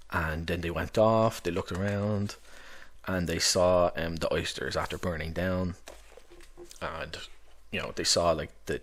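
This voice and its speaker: This tabletop game master reviews books in a casual, rambling way, loosely discussing his recommendations and using many fillers. He has a low, gravelly voice with a fairly bright tone.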